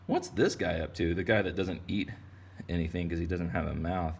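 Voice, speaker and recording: Low gravelly guy from texas, rambly and goofy, teaching kids to draw fish. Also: steady tone, moderate pace, darkish tone. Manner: rambling, playful. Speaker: art teacher. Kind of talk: casual kids' drawing lesson.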